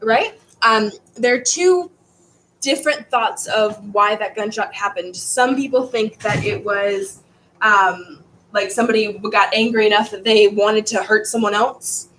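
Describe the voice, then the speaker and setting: A woman's voice: mid-range voice, measured pace, a bit bright, a little hiss or hum, low-quality recording. A woman teaching a history class in a casual, rambling way, stumbling over words and restarting.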